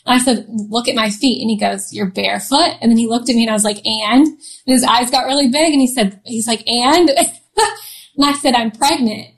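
A woman's voice: fairly high pitch, fairly quick. A woman in her thirties telling a personal story as an interview guest, chatty and often laughing, with many fillers.

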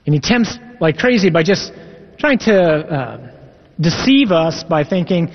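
Speaking as a Catholic priest, a man delivers a sermon, reading scripture aloud and explaining it in an earnest, emphatic way. His fairly high voice is animated and a little slow. The recording has the echo of a hall and a dull, lo-fi quality.

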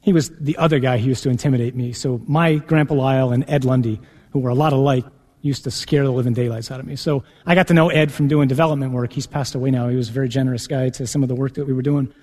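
A man, a priest, telling his own vocation story as a sermon, acting out the conversations with lively rises in his voice. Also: fast. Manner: lively storyteller, acts out dialogue with rising pitch. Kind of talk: personal testimony sermon. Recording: long hall reverb.

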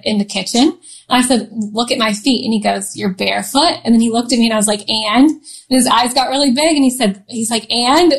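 A woman's voice: fairly high pitch, low-quality recording. A woman in her thirties telling a personal story in a casual interview, chatty, laughing often, with lots of fillers and restarts. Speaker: guest.

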